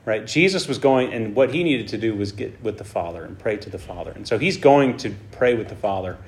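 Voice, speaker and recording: Brisk and expressive, his voice on the low side, a man gives a casual sermon on a Bible passage, repeatedly asking listeners "right?" and reading the scripture with strong emphasis.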